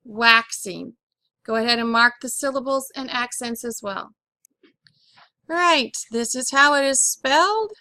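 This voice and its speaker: A woman's voice: a little high, unhurried, sharp tone, no echo. A woman teaching a phonics lesson on syllables and accents, patiently asking questions and repeating each word for her pupils.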